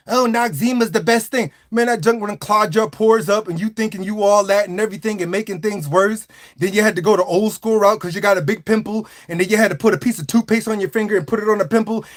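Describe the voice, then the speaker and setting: A high-voiced man doing a comic rant on a live stream. He sounds animated and jokey and keeps talking straight to his viewers.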